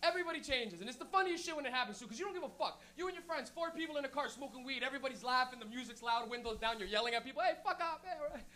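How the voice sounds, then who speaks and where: Toronto guy doing standup, high voice, laughs a lot, does stoner voices. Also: very fast, few pauses, pushed and bright. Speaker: stand-up comic. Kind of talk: stand-up comedy set. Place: comedy room with a laughing crowd.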